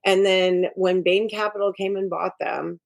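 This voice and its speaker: A woman's voice: mid-range voice, steady tone, unhurried, vocal fry. A middle-aged woman, an executive coach, talking frankly and emphatically as a guest in a casual interview. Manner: frank and emphatic, giving advice.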